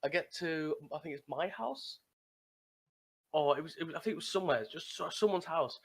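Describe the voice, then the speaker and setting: Talking a little fast in a voice on the high side, this man co-hosts a casual gaming podcast. He recaps a game server in a long story full of restarts and laughter.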